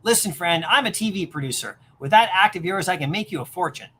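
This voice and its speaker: A woman's voice: fairly low pitch, animated, fast talker, fairly bright tone, breathy edge. A woman doing a salesy TV producer. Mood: effusive. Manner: salesy, effusive. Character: fast-talking male TV producer.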